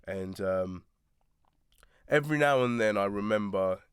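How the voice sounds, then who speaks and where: A man chats in a relaxed, reflective way as the guest of an interview, laughing easily. His voice sits low, and the sound is dry and close. He is recording in a small attic studio. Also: a little slow, clear, resonant tone, no echo. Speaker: radio presenter, guest. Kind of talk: casual interview chat.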